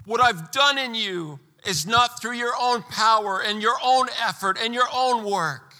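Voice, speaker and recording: A man preaching a sermon as pastor, emphatic, pressing hard on key words and rising to near-shouts. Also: very high-pitched, unhurried, long reverb tail.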